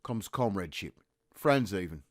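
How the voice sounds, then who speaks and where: A man's voice: sits low, animated, moderate pace, dry recording, clean studio sound. A man reading the part of a cheeky, hopeful working-class young soldier in a script reading.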